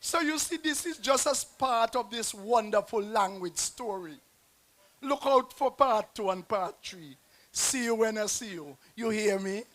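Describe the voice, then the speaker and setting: Guest poet, man, Nevisian Creole accent, very high voice, slow rhythmic rhyming recital with big dynamic swings. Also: lively intonation. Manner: rhythmic rhyming delivery, dramatic shifts in loudness. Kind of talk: performance poetry recital. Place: outdoor stage at a festival square.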